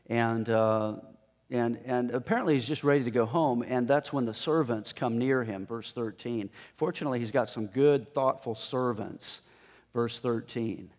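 Man, middle-pitched preacher, chatty and animated telling, long church-hall reverb. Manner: conversational, acts out the characters with bursts of pitch and volume. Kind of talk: sermon on a Bible passage.

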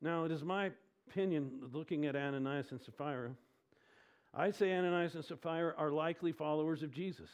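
Emphatic preacher man, fairly high voice. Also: smooth. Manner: emphatic, asks the congregation questions; swings between loud and low, drawn-out stresses. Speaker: pastor. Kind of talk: sermon.

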